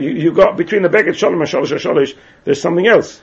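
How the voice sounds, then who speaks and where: Speaking very fast in a gravelly voice on the high side with a breathy edge, a man teaches a Talmud class. He chants phrases sing-song style and keeps repeating his questions to the students, all on a dull, lo-fi recording.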